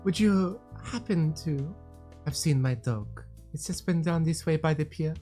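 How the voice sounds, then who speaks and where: Woman voicing a genteel scheming lady, sugary politeness, low pitch, lively. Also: unhurried, faint music behind. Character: genteel lady charming guards, sweet and scheming.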